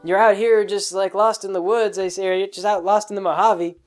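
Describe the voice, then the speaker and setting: A mellow, friendly hippie who drawls every line in a dreamy "whoa, man" way, as a man puts him on while telling a story. The voice is pitched well above a normal speaking voice and delivered loudly and eagerly. He sounds easygoing and earnest. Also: flat delivery, fairly quick, faint music behind, natural voice. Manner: drawling "whoa, man" surfer-stoner talk. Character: friendly laid-back hippie man driving a van.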